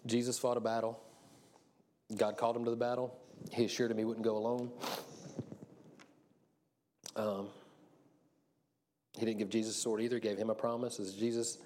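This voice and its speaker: A man's voice: mid-range voice, flat delivery, moderate pace, pauses often, a little mellow, a little hiss or hum. A man preaching a casual sermon, chatty and laughing often as he acts out the quotes.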